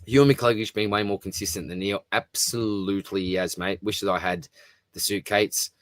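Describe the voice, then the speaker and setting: A man with a low, steady voice talks briskly while hosting his fantasy football stream. Casual and matey, he responds to viewer comments and calls everyone "mate," in a dry, studio-quality recording.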